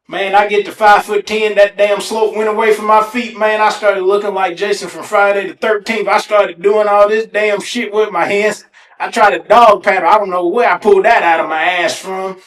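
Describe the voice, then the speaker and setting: A man hosting a podcast alone, telling funny stories in a casual, animated way and swearing freely. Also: sits high, moderate pace. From Ohio, USA. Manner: animated, swears casually, breaks into exaggerated self-mocking. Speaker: podcast host. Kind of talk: casual solo storytelling. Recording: echoey room.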